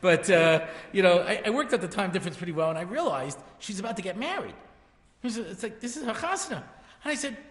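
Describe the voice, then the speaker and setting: Rabbi guy around 60, high voice, rambling funny story talk, big echoey hall. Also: sing-song, brisk. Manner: chatty, self-interrupting, joking asides. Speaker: rabbi giving a lecture. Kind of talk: humorous storytelling lecture to a live audience. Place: large hall with an audience.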